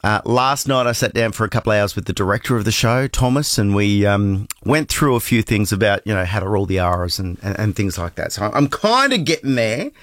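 A man's voice: lowish voice, animated, brisk, hardly any pauses, fairly bright tone, dry recording. A middle-aged man with an Australian accent hosting breakfast radio, chatty and self-deprecating with plenty of ums. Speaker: radio host. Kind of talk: casual breakfast radio chat. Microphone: studio microphone.

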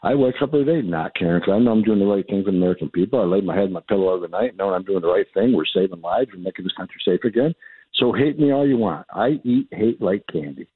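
A blunt, defiant man with a very low, husky voice, hammering home the same points again and again. He comes through a tinny, phone-like line with no room sound. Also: expressive, very fast, no room sound. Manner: blunt, repetitive, defiant, restarts often. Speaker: radio guest, immigration official. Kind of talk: combative radio interview.

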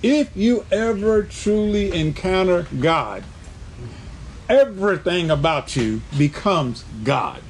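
A pastor preaches a sermon in church, reading scripture aloud in a high, expressive voice and taking his time. He repeats and restates his points for emphasis, punctuating them with "amen" as he calls on the congregation. A bit of background noise can be heard.

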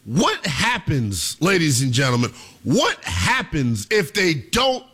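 A young man hosting sports talk radio, delivering a theatrical monologue that he keeps addressing to the listeners as ladies and gentlemen. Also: fairly high pitch, wildly swooping pitch, slow pace, slightly rough.

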